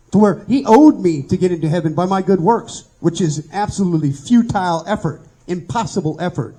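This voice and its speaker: A man's voice: sits high, warm tone, slightly rough, poor audio. A man preaching an informal sermon, telling stories earnestly and often repeating words as he restarts. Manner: stammering repetitions, earnest storytelling. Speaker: pastor.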